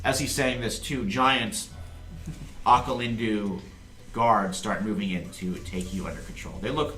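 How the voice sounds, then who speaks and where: A man narrating a tabletop game as game master, playful and quick to laugh. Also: lowish voice, steady tone, fairly bright tone, roomy sound.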